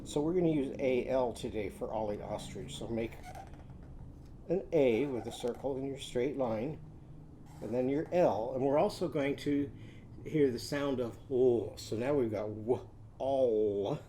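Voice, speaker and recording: A man teaching young children a drawing and phonics lesson, giving slow, patient step-by-step instructions. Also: mid-range voice, mellow, a little hiss or hum.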